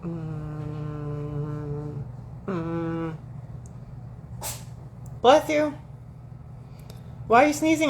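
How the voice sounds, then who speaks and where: A woman's voice: low voice, extremely slow, pauses often, a little hiss or hum. Rambling, profane woman streamer. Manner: reacts to chat messages. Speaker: livestream host. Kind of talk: casual live chat with viewers.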